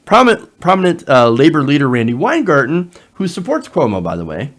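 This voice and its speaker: Animated, lively-voiced male political commentator. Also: fairly high pitch, a little fast. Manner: animated, sarcastic asides, frequent fillers. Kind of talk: reading an article aloud with running commentary.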